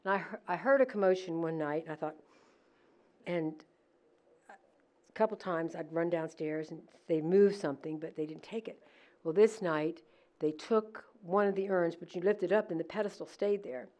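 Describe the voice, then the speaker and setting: A middle-aged woman telling a story in a casual, animated way, acting out what people said. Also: lowish voice, moderate pace, muffled recording. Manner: animated, laughing, acts out quoted lines. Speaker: decorator at a museum holiday event.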